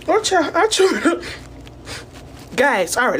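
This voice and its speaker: A Jamaican woman with a high voice talks to her viewers in a raw, emotional, rambling way, swearing freely as she goes. Faint background noise sits behind her. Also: big pitch swings, slow pace, a bit bright. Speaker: content creator. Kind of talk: casual talk to camera.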